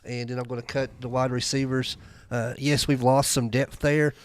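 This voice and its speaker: Steady man on a podcast. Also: medium pitch, moderate pace, smooth. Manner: steady, agreeable, reads listener comments. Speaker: podcast co-host. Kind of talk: casual sports chat.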